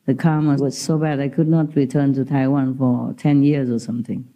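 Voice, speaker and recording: A woman's voice: extremely low pitch, level tone, moderate pace, warm tone. A woman spiritual teacher giving an informal talk to disciples, telling stories in simple non-native English and laughing often.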